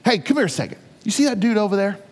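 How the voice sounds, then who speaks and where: A man's voice: high voice, lively intonation, rapid-fire. A man voicing a suspicious young female servant with a gossipy, conversational manner, in a reverberant hall. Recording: long reverb of a large hall.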